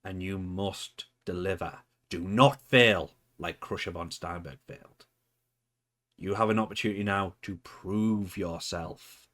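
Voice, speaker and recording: A man voicing a cryptic female wrestling manager in a put-on accent, speaking slowly and solemnly. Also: low-pitched, a bit bright. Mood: ominous, commanding. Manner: slow, solemn, commanding promo. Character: cryptic woman manager of a villain stable.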